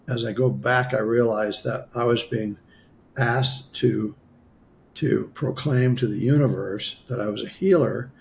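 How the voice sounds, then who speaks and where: A man's voice: medium pitch, gravelly, darkish tone, a little hiss or hum. A man, a guest healer, animatedly telling a story in an interview, acting out dialogue with self-mocking humor.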